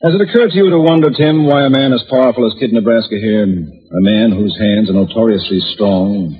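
An actor playing a calm, shrewd police inspector in a 1950s radio drama, reasoning in a measured way. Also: male voice, on the low side, husky. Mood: measured, probing. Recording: dull old radio broadcast with reverb.

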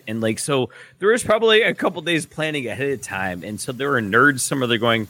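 Animated, bright-voiced man in sports chat. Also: medium pitch, brisk, hardly any pauses. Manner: animated, profane, sarcastic storyteller.

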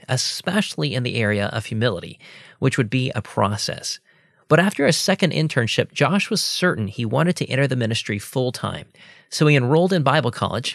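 Gravelly male documentary narrator. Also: medium pitch, fairly bright tone, no echo, clean studio sound. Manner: measured, scripted delivery.

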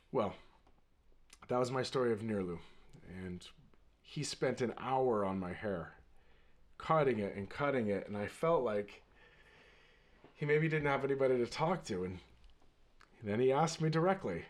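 A man hosting his own podcast, telling a story in a rambling, animated way and laughing readily. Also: medium pitch, normal speed, pauses often. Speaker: podcast host. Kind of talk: casual storytelling monologue.

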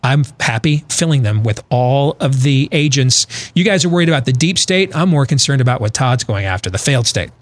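A man's voice: medium pitch, animated, fairly quick, few pauses. A middle-aged man hosting a talk show, giving blunt, emphatic opinions and repeating phrases for emphasis. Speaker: host. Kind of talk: casual political talk radio banter.

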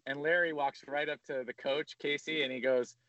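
A man's voice: fairly high pitch, normal speed, dry recording, muffled recording. A man co-hosting a sports podcast, telling a story in casual chat and acting out the coaches' lines. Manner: animated, acts out coaches' lines while telling stories. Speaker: podcast co-host.

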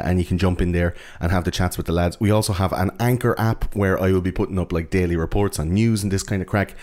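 A man's voice: deep voice, a little mellow. An Irish man in his thirties co-hosting a podcast, chatty and joking, with casual swearing. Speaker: podcast co-host.

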